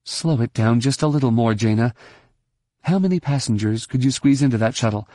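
A man voicing a brisk, commanding middle-aged woman leader in an audiobook. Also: medium pitch, warm tone, dry recording, clean studio sound, lightly acted. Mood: urgent, commanding.

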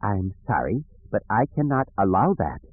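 A man voicing a sweet, grandmotherly female nanny droid who speaks calmly and primly, on a dry, tinny, phone-like recording. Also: medium pitch, moderate pace, breathy edge, no echo, voice pushed up. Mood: calm, firm. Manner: calm, prim emphasis.

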